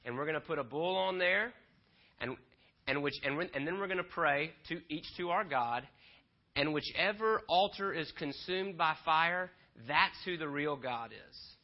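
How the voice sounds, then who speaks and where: A man preaching a sermon in a conversational way, retelling the story with animated asides and checking in with the listeners often. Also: fairly high pitch, a little slow, muffled recording. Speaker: pastor.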